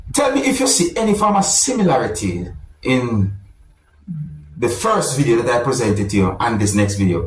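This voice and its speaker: A man, hosting a vlog and commenting on clips in a casual, animated way. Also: mid-range voice, echoey room, distant mic, low-quality recording. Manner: animated, repeats "my people". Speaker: vlog host.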